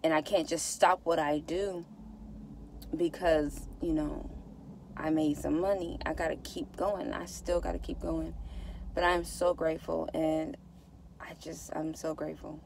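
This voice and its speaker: A woman's voice: sits low, flat delivery, unhurried, vocal fry, darkish tone, slight background noise. Emotional woman. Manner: heartfelt, repeats herself, says y'all. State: close to tears. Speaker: vlogger. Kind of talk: emotional casual vlog to viewers.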